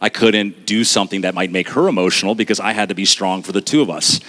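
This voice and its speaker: A man in his thirties giving an earnest, confessional storytelling talk on stage, with dramatic pauses. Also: deep voice, steady tone, a bit bright. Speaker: speaker. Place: stage at a live talk event.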